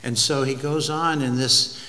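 A man preaching a sermon, telling an illustration slowly and deliberately, with pauses and restarts. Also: medium pitch, fairly even intonation, bright, forceful tone. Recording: long hall reverb, faint ambient noise.

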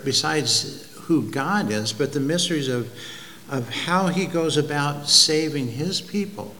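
Male preacher, slow and deliberate sermon delivery, halting restarts, long church-hall reverb. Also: on the high side, fairly bright tone. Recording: long hall reverb, faint ambient noise.

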